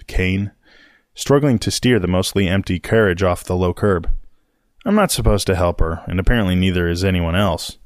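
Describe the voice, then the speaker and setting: A man narrating a novel in the first person, with a measured, wry delivery. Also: sits low, no room sound, clean studio sound. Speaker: audiobook narrator.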